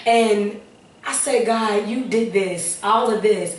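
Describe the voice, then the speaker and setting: Speaking slowly in a medium pitch, an earnest interview guest tells her testimony, repeating phrases and slipping in prayerful remarks. The recording is distant and slightly off-mic, set in an echoey room with faint background noise.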